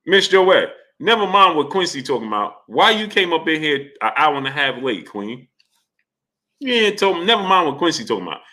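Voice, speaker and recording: Male livestream host; forceful, bright tone, slightly higher voice, animated chatty delivery. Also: fairly quick. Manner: animated, repeats questions, greets chatters by name. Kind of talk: casual livestream commentary.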